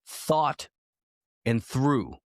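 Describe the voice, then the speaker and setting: A man's voice: mid-range voice, very slow, no room sound, clean studio sound. A man co-hosting a podcast, talking bluntly and profanely in a casual rant. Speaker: podcast co-host.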